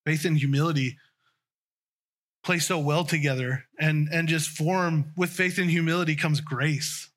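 A man's voice: on the high side, steady tone, a little slow, a bit bright. A man preaching a conversational sermon, often restarting and trailing off mid-sentence.

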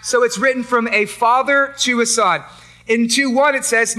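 A man's voice: very high voice, normal speed, sharp tone. A man preaching a sermon to parents, emphatic and repetitive, asking the crowd rhetorical questions. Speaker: pastor.

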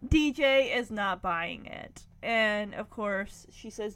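A woman casually recapping a sitcom episode, animated and acting out the characters' lines. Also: high-pitched, slow pace, hardly any pauses. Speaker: recap vlogger.

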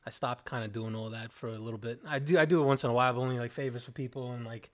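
A man working as a music producer and DJ, talking as a guest in a relaxed, rambling podcast chat. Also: medium pitch, racing.

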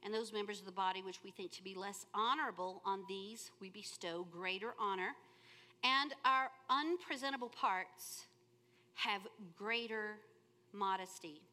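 A woman giving a sermon with animated, humorous storytelling. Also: mid-range voice, normal speed. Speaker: church speaker.

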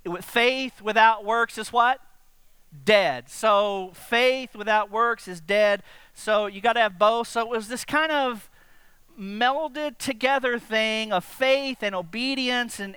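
A man preaching a sermon to his congregation, animated and direct, often asking them questions. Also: sits high, smooth, dry recording. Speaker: pastor.

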